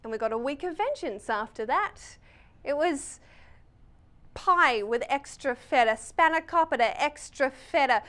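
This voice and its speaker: An Australian woman in her late twenties, a stand-up comedian with a dry, quick, wry way of talking. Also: high voice, expressive, fairly bright tone. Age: late 20s. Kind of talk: stand-up comedy and interview chat.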